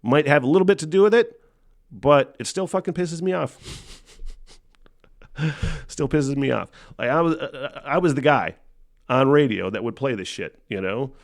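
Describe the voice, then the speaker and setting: An American man hosting his own podcast, talking at an ordinary pitch in a loose, profane rant. He laughs often and swears freely, with the easy delivery of a former radio DJ. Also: lively intonation, normal speed, long pauses. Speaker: podcast host. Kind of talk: casual reaction commentary.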